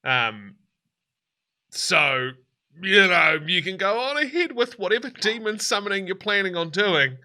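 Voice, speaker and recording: A man's voice: high-pitched, big pitch swings, measured pace, bright, forceful tone, pitched above the performer's own voice, exaggerated voice. A man voicing a frightened young woman held captive, stammering and apologetic. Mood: flustered. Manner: stammering, flustered and polite.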